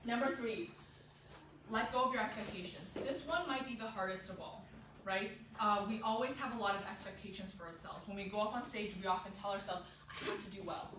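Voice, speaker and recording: A woman teaching a public speaking class to kids and their parents, lively and direct, checking in with "right?" and acting out the nervous thoughts she describes. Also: medium pitch, brisk. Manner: lively, tags lines with "right?", acts out quoted inner voices. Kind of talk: classroom lecture. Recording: echoey room, voice from far off, audible noise.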